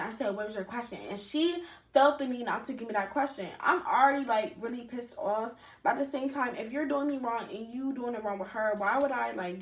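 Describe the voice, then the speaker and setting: A young woman telling a rambling, animated storytime with slang and cursing. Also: on the high side. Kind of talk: casual storytime. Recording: echoey room.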